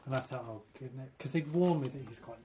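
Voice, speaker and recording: A man on a podcast, chatty and halting, telling a story with fillers and frequent laughs. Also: mid-range voice, dark tone. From Isle of Man. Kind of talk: casual chat, storytelling.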